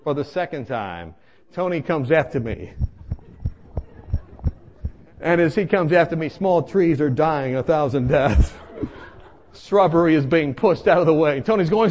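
A man telling a comic personal story in an animated way, acting out voices and laughing as he goes. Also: fairly high pitch, a little slow, long pauses.

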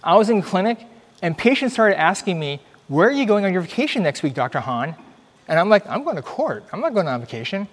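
Earnest man speaking in a reverberant hall. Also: high-pitched. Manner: earnest, conversational, animated storytelling. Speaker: physician giving a church talk. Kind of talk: church presentation, personal testimony.

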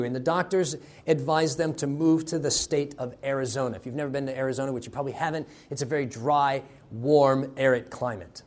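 A man preaching a sermon, telling a story with dramatic swings in loudness. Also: mid-range voice, fairly quick, hardly any pauses. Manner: dramatic, varies loudness for effect.

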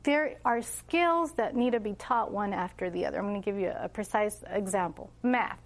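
A middle-aged woman with a mid-range voice speaks at a moderate pace. As a homeschooling mother giving a casual talk, she tells stories about raising her children and animatedly acts out their exchanges.

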